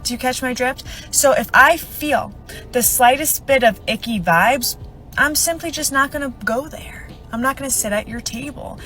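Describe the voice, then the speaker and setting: Self-assured woman, fairly high voice. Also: moderate pace, bright, forceful tone, soft background music. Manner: assertive, self-assured declarations. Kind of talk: casual vlog monologue.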